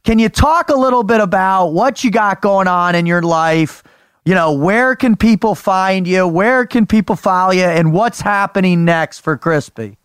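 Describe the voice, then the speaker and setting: A podcast host with a high, smooth, clear voice asks his guest questions with casual enthusiasm. He sounds close and dry, with no room sound at all. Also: moderate pace, fairly bright tone, no room sound. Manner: enthusiastic, casual, swears freely. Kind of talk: casual interview.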